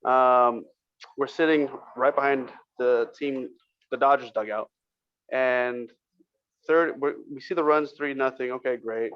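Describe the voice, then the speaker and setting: A man's voice: medium pitch, fairly even intonation, unhurried, clear, resonant tone, dull audio. Rambling, cursing man telling a story. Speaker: podcast co-host. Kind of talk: casual chat.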